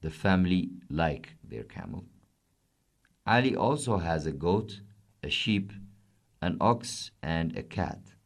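A man narrates a children's story in a very low voice. He reads slowly, in simple, clear sentences. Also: big pitch swings.

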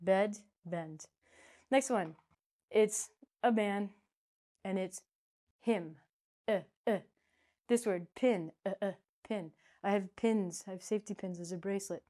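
Female English teacher, unhurried and playful, swings between bursts and murmurs. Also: medium pitch. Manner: playful, chatty, jumps between loud and soft. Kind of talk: casual spoken lesson.

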